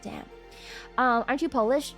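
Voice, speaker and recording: A woman's voice: a little high, normal speed, a bit bright. A young woman streamer chatting casually with her viewers, playful and laughing often. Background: music.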